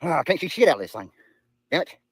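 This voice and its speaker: A man's voice: on the high side, very animated, fast talker, no echo, clean studio sound. A man from Eastern Kentucky with an Appalachian accent, rambling and cursing in casual livestream chat outdoors by a river. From Eastern Kentucky, USA. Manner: profane, rambling, chatty.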